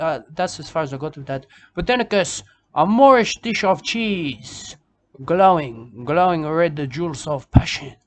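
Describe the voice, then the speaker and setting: A man voicing a rambling, self-important male bush poet in a comic monologue, repeating himself and tagging lines with "okay?" and "mate". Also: high voice.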